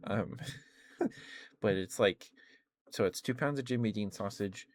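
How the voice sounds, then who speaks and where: A hoarse young man chatting casually on a stream, rambling with lots of fillers. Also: lowish voice, slow pace, no room sound, studio quality. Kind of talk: casual chat.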